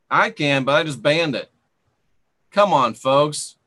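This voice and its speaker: Sarcastic bright-voiced male stream host. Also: fairly high pitch, lively intonation, slow pace, pauses often. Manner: sarcastic, scolding, banning rude commenters. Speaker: channel host. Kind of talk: live stream chat, reading viewer comments.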